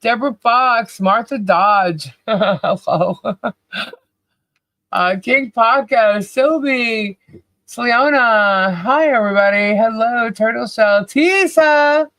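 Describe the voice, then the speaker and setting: Livestream co-host, cheerful and chatty, slow and easy delivery, dry close sound. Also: mid-range voice, bright, forceful tone, no echo. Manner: cheerful, laughs often, calls out names. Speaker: podcast co-host. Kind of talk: casual livestream chat, greeting viewers.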